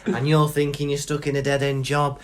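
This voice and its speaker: A man's voice: medium pitch, completely flat delivery, fairly quick. A man co-hosting a podcast in casual chat, jokey and chatty, often laughing as he talks. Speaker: podcast co-host.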